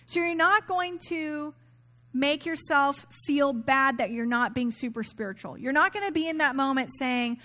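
A woman's voice: high-pitched, normal speed, sharp tone. A middle-aged woman pastor giving a sermon in a conversational, self-mocking way, acting out quoted asides.

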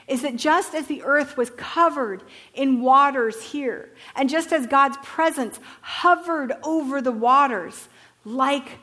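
A woman's voice: high-pitched, fairly bright tone. A woman teaching Bible stories to a group, telling them with animation and asking listeners to repeat words.

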